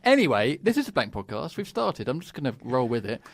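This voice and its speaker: Male podcast co-host, self-deprecating and chatty, mid pitch, dry close sound. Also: very animated, fairly quick, creaky, no echo. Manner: self-deprecating, laughs at himself. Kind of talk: casual podcast chat.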